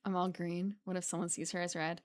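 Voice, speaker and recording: A woman's voice: fairly low pitch, level tone, brisk. A woman streamer reading a visual novel aloud and commenting between lines in a casual way.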